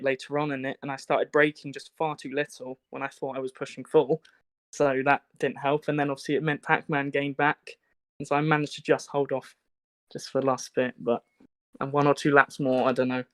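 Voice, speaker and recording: Man, sim racer, monotone steady recap, dry close audio. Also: mid-range voice, normal speed, dry recording. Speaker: sim racing driver. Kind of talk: post-race interview.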